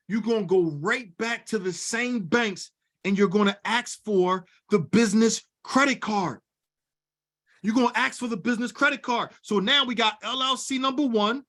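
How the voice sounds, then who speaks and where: A man's voice: very high-pitched, fairly bright tone. A man coaching on business funding, preachy and fired up, repeating lines for emphasis and calling his audience y'all. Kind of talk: fired-up teaching at a whiteboard.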